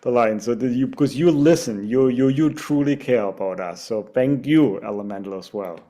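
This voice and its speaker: A man with a warm, mellow voice at a mid pitch speaks gently over a video call. He is grateful and easygoing, drops "you know" often, and reads his short poem plainly. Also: moderate pace. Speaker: poet at open mic. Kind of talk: casual chat and poetry reading. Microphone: video call mic.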